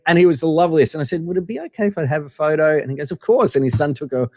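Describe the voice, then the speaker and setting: A man's voice: a little high, fairly even intonation, racing, a little mellow, dry recording, studio quality, long reverb tail. A man guest telling casual anecdotes in a rambling way, full of fillers and restarts. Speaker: podcast guest.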